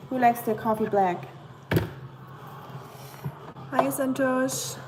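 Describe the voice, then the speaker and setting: A woman with a German accent hosting a casual livestream at home, chatting with viewers, answering the chat and filling pauses with "um.". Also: high-pitched, noisy background. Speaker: livestream host.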